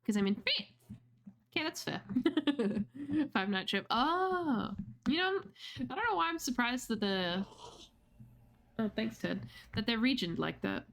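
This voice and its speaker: A woman livestreaming a game, chatting with her viewers in a relaxed, unhurried way. Her voice sits fairly high and moves a lot in pitch. She answers their messages as she plays and swears casually. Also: creaky. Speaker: streamer. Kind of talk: casual gaming livestream chat.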